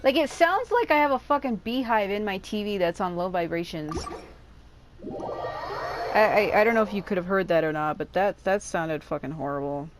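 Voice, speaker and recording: A woman with a raspy voice chatting casually and swearing often while commenting on her gameplay, rambling off into asides. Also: mid-range voice, normal speed, noisy background. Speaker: gaming YouTuber. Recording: game music behind the voice.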